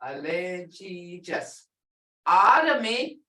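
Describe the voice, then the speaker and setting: A woman's voice: fairly low pitch, sing-song, takes it slowly, bright, forceful tone, reverberant, recorded from a distance, rough recording. A woman language instructor teaching a class, playful, laughing often and repeating phrases.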